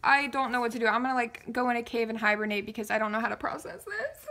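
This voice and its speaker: A woman's voice: fairly high pitch, animated, quick pace, few pauses, sharp tone. Giddy squealing young woman. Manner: giddy, exaggerated, swings between mumbling and squealing. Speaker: K-pop fan vlogger. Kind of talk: excited unboxing reaction vlog.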